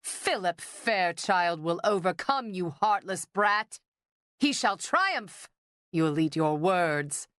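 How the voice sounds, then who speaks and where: A woman's voice: fairly low pitch, lively intonation, slow pace, fairly bright tone, no room sound, clean studio sound. A woman voicing a theatrical, melodramatic older man, an eccentric painter father who bellows and grumbles in an audiobook. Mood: blustering. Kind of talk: audiobook character voice.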